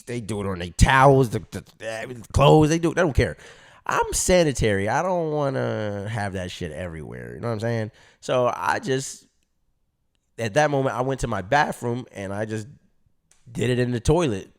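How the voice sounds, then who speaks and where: A young man tells a story straight to the camera in loose street slang. He keeps slipping into quick impressions of his younger self, and his voice sits at an ordinary middle pitch. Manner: slangy, animated, acts out his own reactions. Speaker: vlogger. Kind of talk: casual storytelling.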